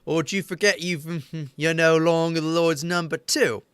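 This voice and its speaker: Guy doing a sneery bandit, higher voice, mocking everyone. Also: fairly even intonation, moderate pace, background noise, natural voice. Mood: taunting.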